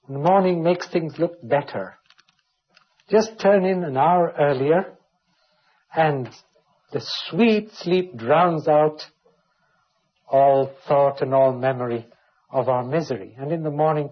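A man's voice: fairly high pitch, a little slow, breathy edge. A man preaching a Bible teaching sermon, reading scripture aloud and explaining it verse by verse. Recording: dull lo-fi recording.

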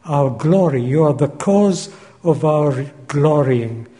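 A man preaching a Bible teaching sermon, measured and deliberate, repeating key phrases for emphasis, recorded in a large church hall. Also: on the high side, expressive, warm tone. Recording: long hall reverb.

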